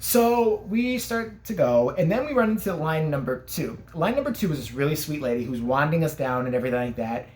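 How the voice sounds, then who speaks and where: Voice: medium pitch, very animated, fairly quick, hardly any pauses, darkish tone. A vlogger ranting and telling a story casually, sarcastic and full of profanity.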